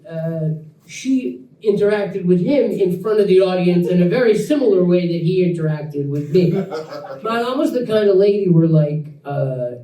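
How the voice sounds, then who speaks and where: Man telling a story in an echoey room. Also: high voice. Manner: animated storyteller, laughs through lines, acts out quotes. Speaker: actor guest. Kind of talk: live Q&A storytelling. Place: event room with audience. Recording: echoey room, mic at a distance.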